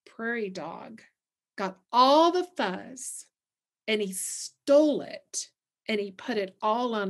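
A middle-aged woman who coordinates literacy work, reading a picture book aloud with questions for listeners and then giving parents tips. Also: mid-range voice.

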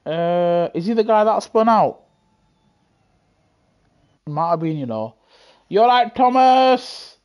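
A young British man chatting excitably to his live chat while playing a racing game on a headset mic. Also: high-pitched, slow pace, pauses often. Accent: British English. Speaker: gaming livestreamer. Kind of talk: casual live gameplay commentary. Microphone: gaming headset.

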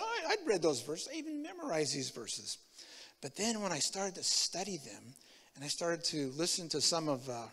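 A man in his seventies giving a testimony sermon as a preacher, an animated storyteller who acts out the dialogue. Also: fairly high pitch, big-room sound. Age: 70s.

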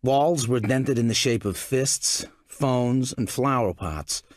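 A man reads an audiobook aloud in a medium-pitched voice, his storytelling measured and expressive. The scripted narration is recorded dry, with clean studio sound.

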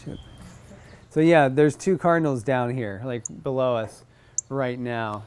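A man teaching a group about bird calls in a casual, animated way, sometimes mimicking bird chips. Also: mid-range voice, unhurried, smooth. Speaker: outdoor naturalist instructor.

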